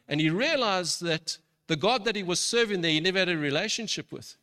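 A man's voice: high voice, animated, brisk, bright, forceful tone. A man preaching a sermon in an earnest way, often restarting and repeating words. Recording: long reverb of a large hall.

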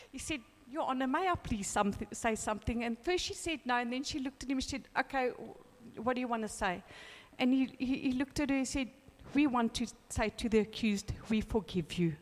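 A middle-aged woman with a high voice tells her testimony before a congregation. She quotes scripture and re-enacts prayers with rising emotion. Her voice carries a long reverb from the hall. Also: brisk. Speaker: church member giving testimony. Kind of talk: church testimony. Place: church.

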